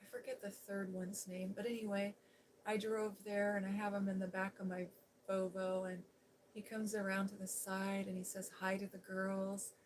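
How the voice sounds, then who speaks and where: Soft-spoken middle-aged woman telling a story. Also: medium pitch, level tone, normal speed, a little hiss or hum, low-quality recording. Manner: soft-spoken, chatty with fillers. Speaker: ASMR host. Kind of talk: softly spoken personal storytelling.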